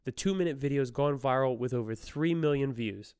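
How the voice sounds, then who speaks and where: This podcast host goes over a news item in relaxed solo talk, chuckling often as he goes. He has a mid-range, slightly mellow and smooth voice, a little fast, captured in a clean studio with no room sound.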